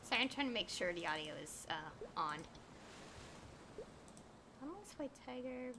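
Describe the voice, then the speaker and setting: A woman's voice: fairly high pitch, very animated, measured pace, noisy background. A woman streaming a game, reading its dialogue aloud with chatty, giggly asides. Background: game music.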